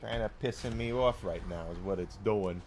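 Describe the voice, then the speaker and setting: A man's voice: fairly low pitch, normal speed, a little mellow, slight background noise. A man live-streaming a game, chatting casually and rambling to his chat between plays. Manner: rambling, chatty, talks to chat while playing.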